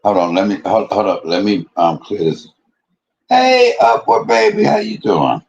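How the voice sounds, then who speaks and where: A streamer rants to his viewers, his voice rough and a little husky. He talks confrontationally, swears constantly, and his pitch rises and falls a lot as he hammers his points again and again. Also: very animated, a little slow, a little mellow, highs cut off. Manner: profane, confrontational, repeats himself. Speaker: live streamer. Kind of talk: heated livestream rant.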